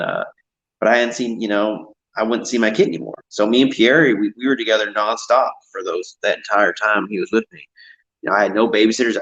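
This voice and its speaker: Man, low voice, rambling, repeats himself, casual chat, muffled lo-fi audio. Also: a bit bright.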